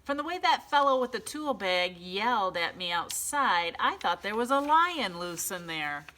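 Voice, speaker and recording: A woman's voice: medium pitch, very animated, moderate pace, sharp tone, voice pushed up. A woman voicing a puzzled, good-natured male policeman who talks in a folksy, easygoing way.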